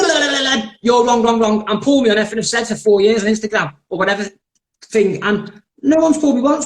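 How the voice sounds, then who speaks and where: A man hosting a live podcast, blunt, sweary and rambling. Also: high voice. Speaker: podcast host. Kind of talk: heated live-stream chat. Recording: roomy echoey live stream.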